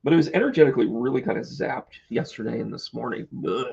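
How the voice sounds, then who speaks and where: A man's voice: mid-range voice, fast talker, gravelly, darkish tone, husky, highs cut off. A man hosting an astrology live stream, chatty and joking, talking to his viewers by name. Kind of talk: casual live stream chat.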